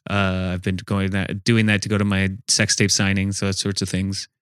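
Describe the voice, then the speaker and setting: A man's voice: low-pitched, monotone, moderate pace, smooth, no room sound, clean studio sound. A man co-hosting a comedy podcast, telling absurd made-up stories with a straight face in casual improvised chat. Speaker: podcast co-host.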